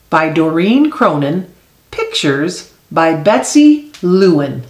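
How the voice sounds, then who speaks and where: A woman's voice: fairly low pitch, big pitch swings, slow pace, a bit bright. A woman reading a children's picture book aloud expressively, voicing animal sound effects. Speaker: storyteller. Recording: echoey room.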